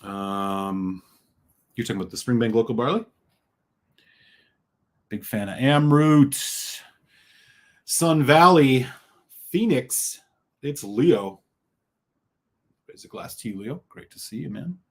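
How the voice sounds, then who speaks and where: A middle-aged Chicago-area man hosts a live stream in a mid-range, slightly mellow voice, speaking slowly with long pauses. He reads viewers' chat messages aloud and cheerfully greets each person by name.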